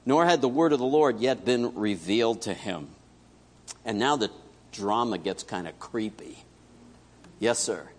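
A man preaching a sermon as pastor, telling a story and acting out its dialogue, swinging between loud and hushed. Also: on the low side, animated, measured pace, pauses often. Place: church sanctuary. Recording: echoey church hall.

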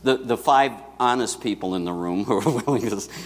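A man preaching a sermon in a church to his congregation, talking in a lively, conversational way with asides to the listeners. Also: mid-range voice, brisk, big-room sound. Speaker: pastor.

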